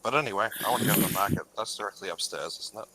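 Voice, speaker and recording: A man's voice: on the low side, very fast, heavy background noise. A man playing a character in a tabletop game, speaking bluntly and matter-of-factly. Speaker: player. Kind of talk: casual tabletop play.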